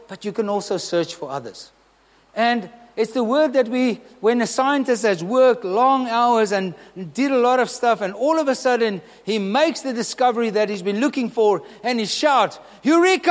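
Man with a high voice preaching earnestly, big echoey church hall, keeps asking the crowd questions. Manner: earnest, emphatic, asks the congregation questions. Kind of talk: sermon.

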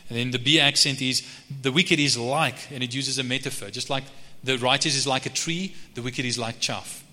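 A male pastor preaching a sermon in a conversational way, with frequent restarts, and reading scripture slowly. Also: medium pitch, sharp tone. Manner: slow measured reading of scripture. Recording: reverberant hall.

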